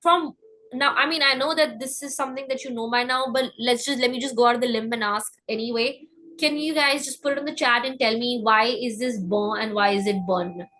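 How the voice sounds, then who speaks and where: A woman giving a live online French class, breaking words down and repeating them slowly, often checking in with "okay?". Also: a little high, sharp tone, low-quality recording. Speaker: French teacher.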